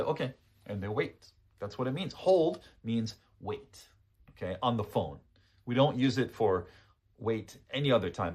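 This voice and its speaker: A man with a husky, somewhat breathy voice leads a relaxed English lesson. He speaks in a patient, easygoing way. He repeats each model sentence, then checks understanding with a quick "okay?". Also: medium pitch. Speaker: English teacher. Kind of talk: casual spoken lesson.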